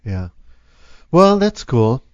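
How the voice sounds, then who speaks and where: A man hosts a talk radio show, rambling along and leaning on "you know" and "uh" between thoughts. His pitch swings widely as he talks. The sound is dry and dull, like a lo-fi studio broadcast. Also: sing-song, takes it slowly, dry recording. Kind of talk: casual chat.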